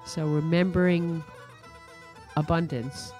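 A woman psychologist speaking as an interview guest, calm and thoughtful as she offers reassurance. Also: deep voice, slow, faint music behind. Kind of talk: interview answer.

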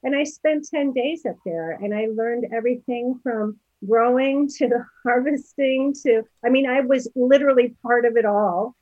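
A woman's voice: fairly high pitch, normal speed, hardly any pauses, a little mellow, dry recording. Chatty fifties woman guest, loose and digressive; dull dry recording. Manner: chatty, rambling, many fillers and restarts. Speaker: podcast guest. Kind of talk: casual storytelling interview.

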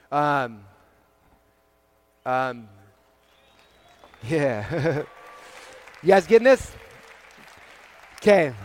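A man giving a motivational talk to a live audience, energetic and peppered with "like", often checking in with "okay?" and "right?". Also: fairly high pitch. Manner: heavy use of "like" as a filler. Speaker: speaker presenting to a live audience.

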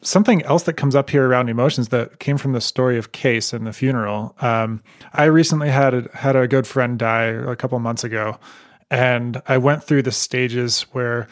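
Man, medium pitch, podcast co-host, thoughtful, measured. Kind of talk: casual podcast conversation.

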